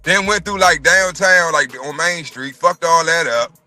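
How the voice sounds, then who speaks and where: Brief: man, casual livestream co-host, bright forceful voice, animated profane storyteller. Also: a little high, a little slow, soft background music. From North Carolina. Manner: animated, profane, acts out quoted voices loudly. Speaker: podcast co-host. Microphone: livestream mic.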